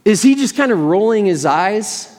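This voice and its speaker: A man's voice: high voice, animated, normal speed, darkish tone, big-room sound. A male pastor preaching a sermon, reading scripture aloud and then reflecting on it in a conversational way.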